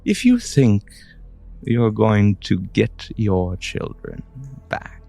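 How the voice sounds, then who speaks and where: A scheming female gecko villain with spidery hands, smug and gloating, as a man puts her on. She speaks slowly and leisurely, her pitch rising and falling widely. It is a tabletop game villain, voiced with a faint music bed behind. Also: big pitch swings, gravelly, dark tone, full character voice.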